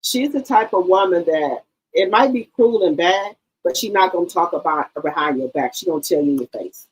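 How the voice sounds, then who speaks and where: A middle-aged woman hosting a livestream, chatting in a casual, animated storytelling way and calling her listeners baby and girl. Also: lowish voice, a little fast, slight background noise, low-quality recording. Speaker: livestream host.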